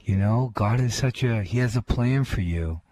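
A man's voice: mid-range voice, normal speed, darkish tone, no echo. A man commenting on the sermon as co-host of a radio ministry, earnest and reflective. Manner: earnest, reflective, with frequent restarts.

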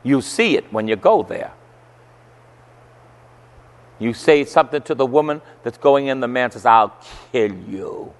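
A male Catholic priest preaching a sermon, telling stories emphatically and rising to forceful outbursts. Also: mid-range voice, normal speed, long pauses. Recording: long church hall reverb.

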